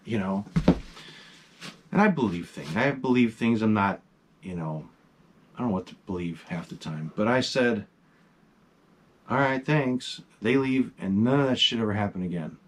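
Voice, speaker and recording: A middle-aged man casually telling a ghost story to his vlog audience, animated and swearing freely. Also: medium pitch, moderate pace, breathy edge. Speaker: vlog host.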